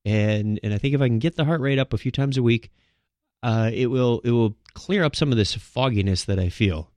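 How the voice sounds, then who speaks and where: A man's voice: mid-range voice, fairly quick, a little mellow, no echo, studio quality. A man hosting a solo podcast, talking casually and rambling, with frequent restarts. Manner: rambling, with many restarts and filler words. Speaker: podcast host.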